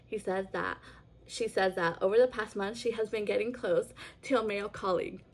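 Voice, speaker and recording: A woman in a casual storytelling vlog, recounting events in a chatty, rambling way. Her voice sits at an ordinary middle pitch, and she leans on filler words as she goes. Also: a little fast. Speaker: vlogger.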